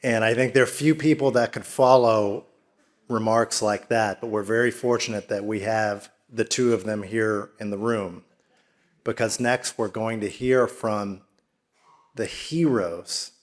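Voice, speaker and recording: A man's voice: on the low side, fairly even intonation, measured pace. A man moderating an event, introducing the next speakers in an appreciative, welcoming way.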